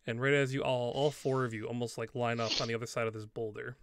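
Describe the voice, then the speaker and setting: A man's voice: medium pitch, fairly even intonation, fast talker, a little hiss or hum. A man narrating a tabletop game as game master, in loose, rambling speech full of fillers.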